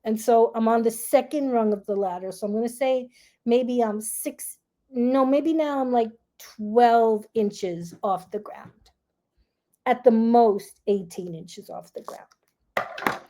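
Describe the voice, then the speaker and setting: Slow, mellow-voiced woman telling a story. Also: a little high. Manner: calm, reflective, acts out her own fearful self-talk. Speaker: grief relief coach and host. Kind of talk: personal storytelling.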